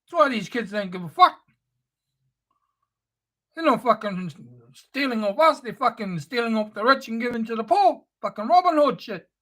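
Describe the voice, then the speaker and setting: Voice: mid-range voice, animated, normal speed, long pauses, bright, forceful tone. A speaker delivering an angry, profane, sneering spoken-word rant.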